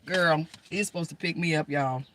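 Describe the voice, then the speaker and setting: Brassy, bright-voiced woman telling stories. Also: deep voice, moderate pace, a little hiss or hum. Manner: animated, emphatic, addresses listeners as girl and y'all; slangy, profane, rambling. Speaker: storyteller. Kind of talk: casual personal storytelling.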